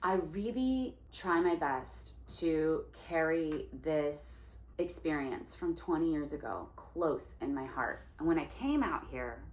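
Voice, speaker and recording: A woman in her forties, an actress and singer, telling a story in an animated way and acting out the voices of the people in it. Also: low-pitched, slow, hardly any pauses. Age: 40s. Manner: animated, acts out quoted voices. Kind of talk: storytelling monologue. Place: indoor room in New York. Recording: roomy echo.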